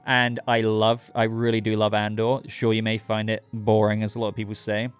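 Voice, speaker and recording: A man's voice: on the low side, monotone, brisk, clean tone, soft background music. A man hosting his own channel, giving a casual, rambling episode review and talking straight to his viewers. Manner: rambling, chatty, addresses viewers directly.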